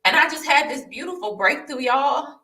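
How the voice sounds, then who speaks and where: Fervent young woman, bright and echoey. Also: high-pitched, animated, moderate pace, recorded from a distance. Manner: fervent, addresses viewers as y'all, repeats phrases. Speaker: vlogger sharing her testimony. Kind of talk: emotional personal testimony to camera. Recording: echoey room, voice off-mic.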